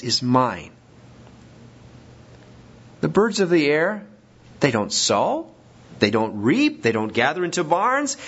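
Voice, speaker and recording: A man's voice: on the high side, a bit bright. A man preaching a sermon as pastor, emphatic and rising to stress his points. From Washington state. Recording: dull lo-fi recording.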